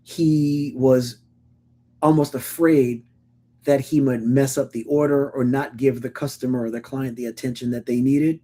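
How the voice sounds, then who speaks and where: A middle-aged podcast co-host with a dark, mellow, medium-pitched voice talks a little slowly in casual conversation. He tells stories loosely, stammering and restarting sentences, and breaks into animated impressions of whoever he's quoting.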